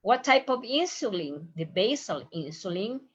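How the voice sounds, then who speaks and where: A woman teaching a medical Spanish lesson from slides, going over each phrase slowly and saying it in both languages. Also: medium pitch, very animated, slightly rough. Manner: slow, explains and repeats phrases in both languages. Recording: muffled lo-fi recording.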